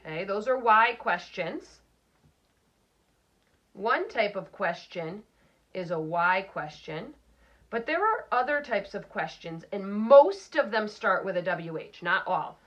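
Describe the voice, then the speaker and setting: Slow, deliberate woman teaching phonics. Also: medium pitch, animated, a bit bright, dull audio. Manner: slow, deliberate sounding-out of letters and words. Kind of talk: recorded phonics lesson for children.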